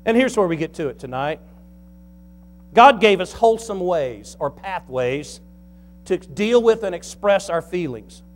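A man's voice: high-pitched, expressive, a little slow. A middle-aged man, a pastor preaching a folksy, humorous sermon.

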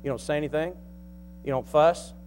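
A man's voice: a little high, a little fast, darkish tone, a little hiss or hum. A middle-aged man, a pastor preaching a folksy, humorous sermon.

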